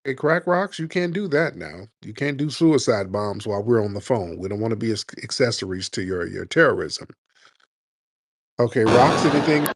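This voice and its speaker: A man hosting a live call-in comedy talk show, brash and mocking, roasting his callers with loud animated energy. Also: mid-range voice, moderate pace. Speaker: radio show host.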